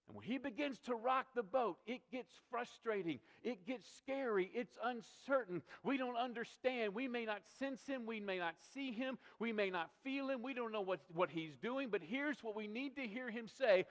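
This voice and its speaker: A man's voice: extremely high pitch, lively intonation, moderate pace, fairly bright tone. A male pastor preaching a sermon, emphatic and repetitive, asking rhetorical questions of his congregation. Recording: long reverb of a large hall.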